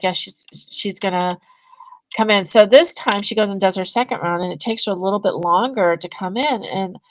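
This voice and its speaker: A woman, a guest on a podcast interview, telling a story in a casual, animated way and acting out both sides of the conversations. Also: mid-range voice, no room sound, low-quality recording. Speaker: guest, energy healing business owner.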